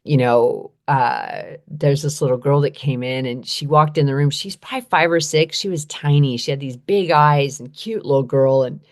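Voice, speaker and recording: A woman's voice: extremely low pitch, moderate pace, few pauses. A woman guest earnestly telling a story in conversation, often checking in with "right?". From United States. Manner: earnest, repeats phrases, frequent "right?". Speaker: guest advocate on trauma and poverty.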